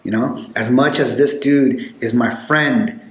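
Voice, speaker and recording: A man telling loose, animated stories in a casual chat, with lots of fillers. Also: mid-range voice, measured pace. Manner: rambling, animated storytelling with many fillers. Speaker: podcast guest telling stories. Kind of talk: casual storytelling. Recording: echoey room.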